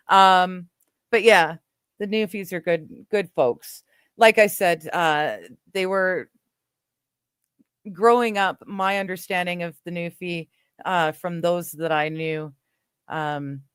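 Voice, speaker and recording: A slow, unhurried woman from western Canada hosts a casual livestream and answers her chat in a rambling, easygoing way. Her voice is smooth and clear, set a little low, and she laughs often between thoughts. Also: no echo, clean studio sound. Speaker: livestream host reading chat.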